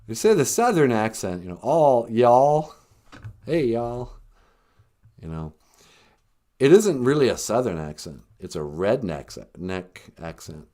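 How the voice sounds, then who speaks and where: A man's voice: sits low, big pitch swings, normal speed, warm tone. A man hosting a live-streamed podcast, rambling and joking with lots of laughs. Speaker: podcast host. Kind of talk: live-streamed comic chat.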